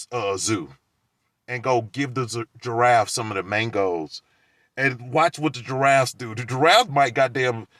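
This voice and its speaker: A man's voice: mid-range voice, fairly bright tone, dry recording. Rambling man in a dry, close room. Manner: rambling, laughs between lines, acts out quoted exchanges. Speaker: vlogger telling a story. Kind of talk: casual rambling monologue.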